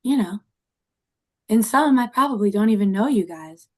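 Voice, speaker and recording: A woman's voice: mid-range voice, lively intonation, normal speed, darkish tone, lightly acted. A woman voicing a spacey, bubbly young woman in an improvised tabletop role-play, talking airily with lots of "like" and "totally". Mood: dreamy. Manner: airy, full of "like" and "totally".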